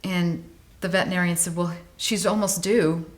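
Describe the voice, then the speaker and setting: A woman in her late forties, a guest in an interview, tells a personal story with animated delivery. Her voice swings up and down as the tale goes along. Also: on the low side, moderate pace. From United States. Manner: animated, vivid storyteller, voice rising and falling with the tale. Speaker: guest, animal welfare advocate.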